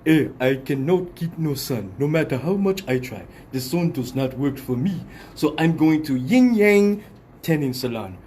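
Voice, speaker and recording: A man's voice: fairly high pitch, lively intonation, measured pace, darkish tone, slight background noise. A man doing an African ad voice. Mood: earnest. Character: African albino man in a mock commercial.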